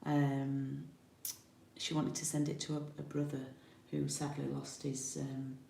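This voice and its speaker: A woman's voice: a bass voice, completely flat delivery, a little slow, vocal fry, dark tone, slight background noise. A woman from the UK demonstrating card making in a chatty live tutorial, thinking aloud as she works. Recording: roomy home recording.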